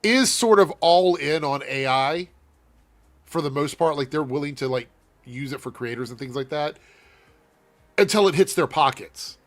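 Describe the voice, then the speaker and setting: A man with a slightly high voice hosts a loose, casual talk show. He chats bluntly and swears often. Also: expressive, moderate pace. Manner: loose and profane, laughing. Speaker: host. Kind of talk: casual chat.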